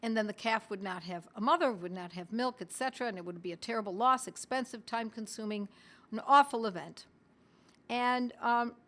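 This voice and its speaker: A middle-aged woman teaching on a live stream in a chatty way, talking straight to her viewers and reading their comments aloud, with the odd cough and throat clearing. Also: fairly high pitch, fairly bright tone. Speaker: homeopathy educator hosting a live stream.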